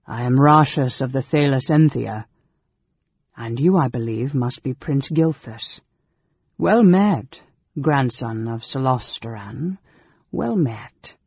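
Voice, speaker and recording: A man reading an audiobook voices a dignified elder male elf noble with a formal, courtly manner and a husky voice. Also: medium pitch, expressive, slow pace, darkish tone, no echo, lo-fi sound, exaggerated voice.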